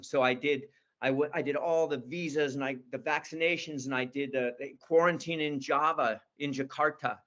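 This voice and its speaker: A man's voice: on the high side, steady tone, normal speed, pushed and bright, highs cut off. A man in his sixties, an interview guest telling stories in an enthusiastic, rambling way. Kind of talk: casual storytelling.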